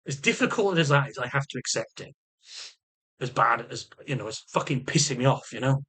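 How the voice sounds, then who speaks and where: A man's voice: mid-range voice, quick pace, pushed and bright. A man in a casual video diary, rambling emotionally, swearing heavily and stammering through restarts. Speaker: vlogger.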